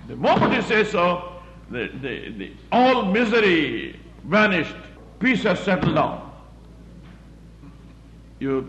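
A man's voice: sits high, a bit bright. Man preaching a sermon, echoey room. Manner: plain-spoken, repetitive, halting with fillers. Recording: roomy, muffled recording with faint background hum.

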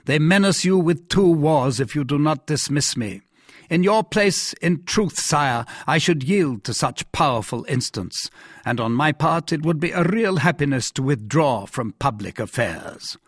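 A man reading aloud, voicing a shrewd, calculating cardinal with a measured, falsely humble manner. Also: on the high side, animated, no room sound, studio quality, voice pushed up.

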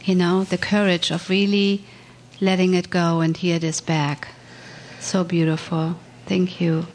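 A woman's voice: lowish voice, flat delivery, unhurried, darkish tone, a little hiss or hum. A woman in a workshop group offering tender, heartfelt thanks.

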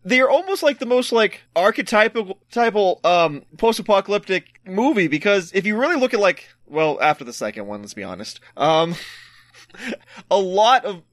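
A man's voice: high voice, big pitch swings, moderate pace, fairly bright tone, no echo. A man co-hosting a podcast in casual chat, joking and laughing often. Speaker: podcast co-host.

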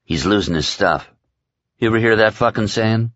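A man's voice: lowish voice, moderate pace, fairly bright tone, no echo, lo-fi sound, natural voice. A man reading aloud and voicing a crude, boozy male henchman who talks in a rambling, profane, folksy way. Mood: griping.

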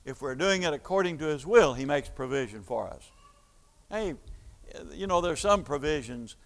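A man's voice: a little high, lively intonation, normal speed, long reverb tail. A man preaching a sermon, explaining an idea step by step like a teacher, with frequent fillers and restarts. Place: church hall.

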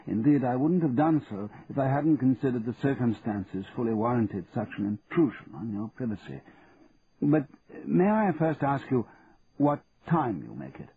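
A man's voice: mid-range voice, lively intonation, normal speed, voice pushed up, lightly acted. A man playing a formal, courteous old male lawyer with a dry, precise manner in an audiobook, heard over a tinny line. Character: formal elderly male solicitor. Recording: tinny narrow band, faint hiss.

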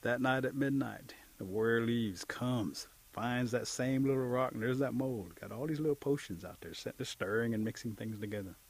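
A man telling a folk tale in a relaxed way, acting out the characters' lines as he goes. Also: medium pitch, a little fast, hardly any pauses. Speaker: storyteller. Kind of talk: oral folk storytelling.

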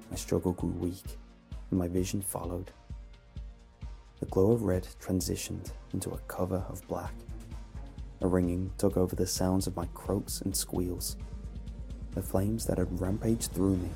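Deep gravelly male horror narrator. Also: warm tone. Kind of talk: scripted horror story narration. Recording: faint music bed behind.

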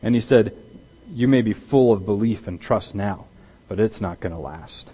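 A pastor delivering a conversational sermon, often restarting his sentences and growing animated when he acts out what is said. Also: fairly low pitch, moderate pace, husky, poor audio. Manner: conversational with repeated restarts, grows loud and animated in dramatized quotes.

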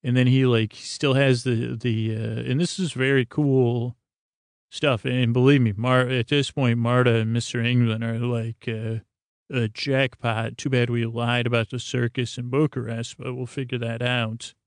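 A man's voice: medium pitch, flat delivery, measured pace, dry recording, studio quality. A man narrating a tabletop game as game master, rambling with many fillers and restarts.

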